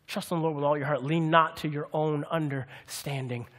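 Male pastor, high voice, playful sermon with call-and-response, long hall reverb. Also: moderate pace. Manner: lively, humorous, calls out to the congregation for answers.

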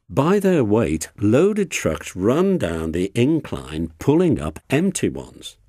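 A man narrating a children's storybook in a lively, expressive way. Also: low-pitched, breathy edge, no room sound, clean studio sound.

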